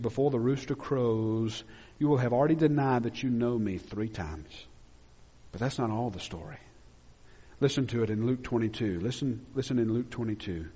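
A man pastor preaching a sermon, swinging between loud emphatic declarations and hushed, low passages. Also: husky. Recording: dull lo-fi sound with long hall reverb.

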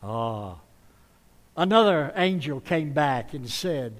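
Preacher guy, kinda high voice, folksy stories, big echoey church hall. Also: lively intonation, measured pace. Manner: folksy storytelling, warm appeals to the congregation. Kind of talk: sermon. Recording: long reverb of a large hall.

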